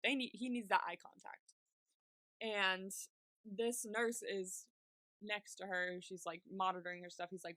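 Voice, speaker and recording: A woman's voice: medium pitch, steady tone, measured pace, sharp tone, dry recording. A woman co-hosting a podcast, retelling TV scenes in casual chat and acting out the characters' lines with frequent laughter. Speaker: podcast co-host.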